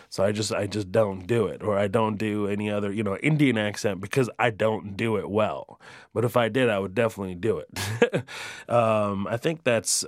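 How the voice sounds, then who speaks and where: A male stand-up comedian answering interview questions in a halting way, with many fillers and restarts, rising in pitch when he gets excited. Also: no echo, clean studio sound.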